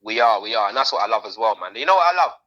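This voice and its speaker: Fast, animated man, lo-fi sound. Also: on the low side. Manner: animated, slangy, talks over others. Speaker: podcast co-host. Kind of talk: casual chat.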